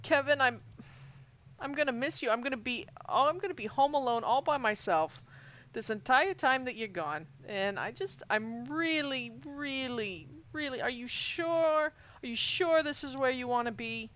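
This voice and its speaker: A man voicing a choked-up, fretful middle-aged mother seeing her son off, pleading and clinging in a hushed voice. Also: high voice, animated, moderate pace. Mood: teary.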